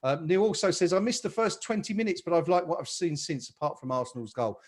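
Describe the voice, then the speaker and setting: A man's voice: on the high side, lively intonation, quick pace. A man hosting a live football chat stream, upbeat and reading out viewer comments. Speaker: podcast host.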